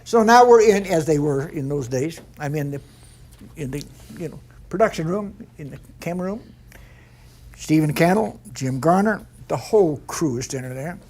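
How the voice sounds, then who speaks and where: An older man, a veteran stunt performer, telling lively anecdotes and acting out other people's lines, with frequent laughter. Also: on the high side, moderate pace. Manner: animated yarn-spinner, mimics others in quotes, laughs often. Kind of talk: anecdotal storytelling.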